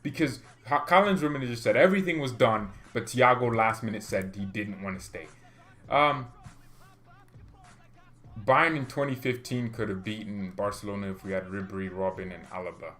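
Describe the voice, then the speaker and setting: A man's voice: fairly low pitch, moderate pace, fairly bright tone. Exasperated man ranting to his chat. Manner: exasperated, ranting, laughs often. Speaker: fan channel host. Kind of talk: live-stream rant reading chat.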